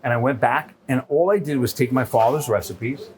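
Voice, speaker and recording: Middle-aged New man, a chef guest who keeps asking "right?", storytelling style, mid pitch, faint noise behind. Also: brisk. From New York. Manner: animated, profane, repeats "right?". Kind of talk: casual storytelling interview.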